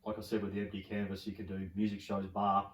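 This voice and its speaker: Fast-talking Australian man telling stories. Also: fairly low pitch. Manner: animated, swears freely, voices characters in stories. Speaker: podcast guest. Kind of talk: casual storytelling chat. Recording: roomy, from a distance.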